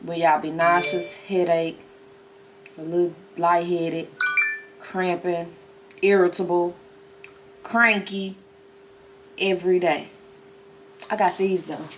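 A woman's voice: lowish voice, level tone, slow, long pauses, background noise. A woman with a Southern country accent chatting bluntly and jokingly in a casual vlog from a parked car, eating while she talks. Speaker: vlogger.

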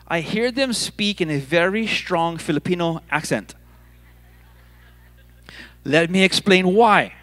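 A man from Hawaii preaching a sermon on a church stage, telling the story in a playful, animated way and repeating words as he goes. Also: high voice. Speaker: pastor.

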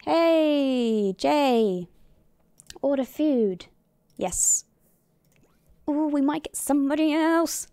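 A woman's voice: high-pitched, slow, long pauses, warm tone, no room sound. A woman streamer giving casual gameplay commentary, chatty and muttering to herself with mild swearing. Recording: dry sound with faint music behind.

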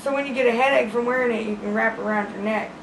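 A woman playing a crude, rambling small-town woman who hosts a deadpan comedy segment about ad deals, with a gravelly voice. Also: on the high side, rapid-fire, background noise, lightly acted. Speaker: comedy sketch host character. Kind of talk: deadpan comic monologue. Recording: roomy echo.

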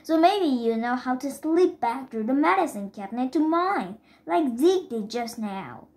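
A woman's voice: high-pitched, animated, a little slow, a little mellow. A woman reading the lines of an earnest, polite young boy in a storybook. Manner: polite, pleading, says sir.

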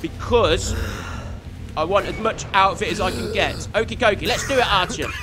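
A man giving chatty, excitable let's play commentary, swearing mildly and talking to the game character. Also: high voice, normal speed, background noise. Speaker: gamer.

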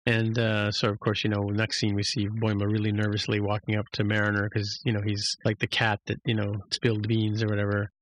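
A man co-hosting a podcast, recapping an episode in casual chat with many restarts and jumping to a higher voice to act out lines. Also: monotone, fairly quick, hardly any pauses, no echo.

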